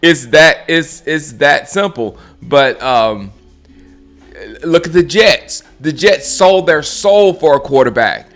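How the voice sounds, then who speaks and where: A man's voice: fairly high pitch, expressive, slow pace, fairly bright tone, soft background music. A man hosting his own live stream, ranting about football in a casual, mocking way, often laughing and restarting his sentences. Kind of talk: casual sports rant.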